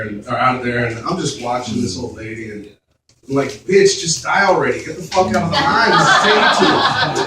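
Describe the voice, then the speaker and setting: A man doing stand-up, telling a long story full of swearing and fillers, with an audience laughing. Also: mid-range voice. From Mexican heritage. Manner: profane, rambling, many fillers. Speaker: stand-up comedian. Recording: roomy club recorded from a distance.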